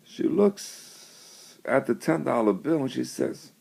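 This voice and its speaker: Slow, gravelly man preaching. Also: mid-range voice, lively intonation, dark tone. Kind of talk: storytelling devotional.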